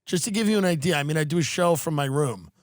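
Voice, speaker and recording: A man hosting a podcast from his room, joking in a rambling, deadpan way in casual chat. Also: a little high, fast talker, no echo, clean studio sound. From United States. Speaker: podcast host.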